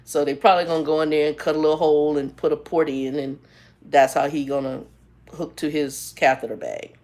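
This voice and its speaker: A woman in her fifties chatting casually on her vlog, telling stories with a sarcastic, animated manner. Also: deep voice, a little fast. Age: 50s. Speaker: vlogger and ministry leader. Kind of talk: casual chat, storytelling.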